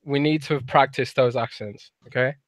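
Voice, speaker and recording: A man's voice: mid-range voice, steady tone, normal speed, dry recording. A British man in his thirties co-hosting a podcast, chatty and working out his thoughts as he talks. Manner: chatty, thinks aloud in restarts. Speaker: podcast co-host. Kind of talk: casual podcast chat.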